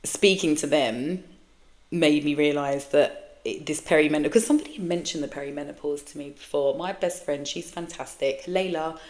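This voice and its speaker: A woman's voice: low voice, normal speed, darkish tone. A woman in her forties, hosting her own podcast, talks frankly and emotionally in a blunt, sweary monologue. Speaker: podcast host. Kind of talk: candid personal monologue.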